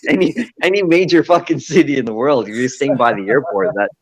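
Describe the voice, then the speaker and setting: A man in a casual chat, speaking haltingly with frequent restarts. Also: mid-range voice, big pitch swings. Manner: hesitant, restarts often. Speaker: podcast co-host.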